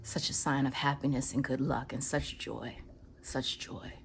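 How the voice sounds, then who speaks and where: Slow-talking woman on her patio. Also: rumbling low, vocal fry, slight background noise. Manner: slow and soft, drifting into whispers, then excited bursts. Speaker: vlogger. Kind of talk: casual chat, filming birds on her patio. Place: outdoor patio.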